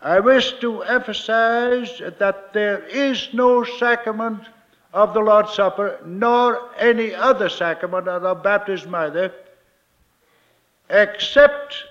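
A man preaching a sermon as a minister, slow and emphatic, repeating his key phrases. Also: sits high, fairly bright tone, highs cut off.

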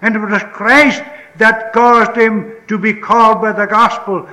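A man preaching a sermon with emphatic repetition, moving between pleading outbursts and hushed, solemn passages. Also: sits high, measured pace, reverberant, poor audio. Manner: emphatic, repetitive preaching with rising pleas and sudden hushed drops. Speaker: pastor.

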